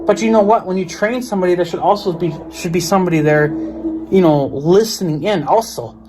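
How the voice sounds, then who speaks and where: A man's voice: high voice, brisk, background noise. A man with an American accent ranting to camera in a vlog, profane, exasperated and repetitive. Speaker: vlogger. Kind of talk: ranting monologue.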